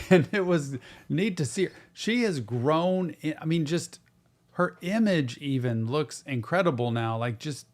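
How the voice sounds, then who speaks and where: A man's voice: fairly high pitch, expressive, measured pace. A middle-aged man, a therapist hosting a music reaction show, talking to viewers in an earnest, encouraging way. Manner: earnest, encouraging, talks directly to viewers, says "y'all". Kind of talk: casual reaction-stream commentary.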